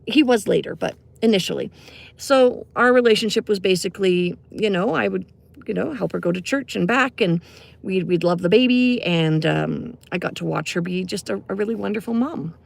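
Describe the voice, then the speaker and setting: A woman's voice: medium pitch, moderate pace, vocal fry. A middle-aged woman, a music teacher telling a personal story in a casual, conversational way, full of fillers and asides. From Canada.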